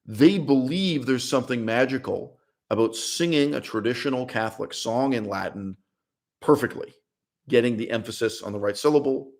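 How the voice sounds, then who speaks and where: A man hosting a language channel, giving a blunt, opinionated livestream monologue and laughing between points. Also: medium pitch. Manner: emphatic, blunt, laughs mid-sentence, repeats words. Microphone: streaming setup mic.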